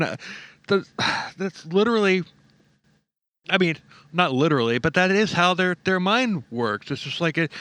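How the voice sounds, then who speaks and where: A man's voice: sits high, a bit bright, no room sound. Joking male true-crime podcast host. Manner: joking, sarcastic, laughs often.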